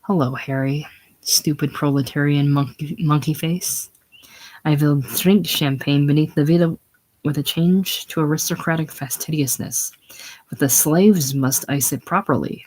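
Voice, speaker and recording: A man's voice: a little high, steady tone, a little slow, darkish tone, poor audio. A man voicing a drunk, rambling male anarchist, giggling one moment and frightened the next, in a play reading. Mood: ranting.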